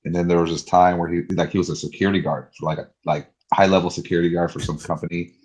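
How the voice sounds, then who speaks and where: A man's voice: deep voice, fairly even intonation, quick pace, a little mellow. A man in casual podcast chat, retelling a story loosely with lots of fillers.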